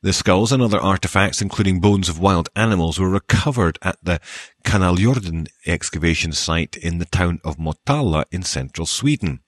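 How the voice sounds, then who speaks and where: A man with a soft Scottish accent hosting a show, reading archaeology news and dedications with wry, dry joking asides. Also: deep voice, moderate pace, no room sound. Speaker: podcast host.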